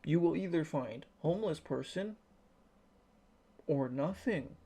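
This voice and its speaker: A man's voice: on the high side, animated, measured pace, mellow, breathy edge. A tired man giving casual, sarcastic and profane reaction commentary, rambling as he goes. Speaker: YouTuber reacting to videos.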